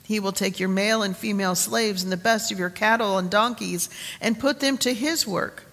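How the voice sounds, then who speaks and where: A woman pastor introducing and reading an Old Testament lesson in a relaxed, conversational sermon, with fillers and restarts. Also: medium pitch, normal speed. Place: church sanctuary. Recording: long reverb of a church sanctuary.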